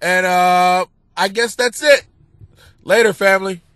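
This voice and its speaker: Male comic podcast host, high voice, crude rant, dead-dry booth sound. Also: fairly even intonation, a little slow, dry recording. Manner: crude, ranting, swings into yelling and laughter. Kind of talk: profane comedic monologue.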